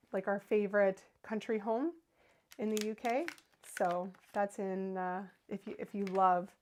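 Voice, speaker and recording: A medium-pitched, darkish-toned voice belongs to a woman in her thirties. She hosts a card-making livestream, demonstrating her craft while chatting loosely and replying to comments from viewers.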